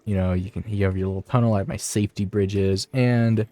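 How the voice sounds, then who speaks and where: A young man talks through his gameplay in a relaxed, chatty way, with a voice sitting a little low. He trails off and restarts often, and gets excited whenever he notices something. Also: brisk, no room sound, soft background music. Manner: rambling, self-interrupting, easily excited. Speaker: gaming video creator. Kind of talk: casual gameplay commentary.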